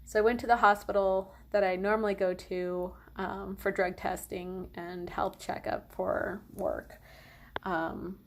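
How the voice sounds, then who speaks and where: A woman's voice: mid-range voice, fairly even intonation, unhurried, slight background noise. A young woman vlogger telling a long personal story in a casual, rambling way, full of fillers and "like".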